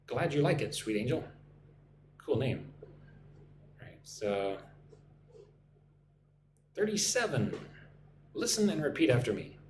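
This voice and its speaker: American man, online English teacher, slow deliberate pace, echoey room, faint noise behind. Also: mid-range voice, big pitch swings, a little mellow. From United States. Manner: slow, careful, repeats phrases for learners to shadow. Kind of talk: live-stream English lesson.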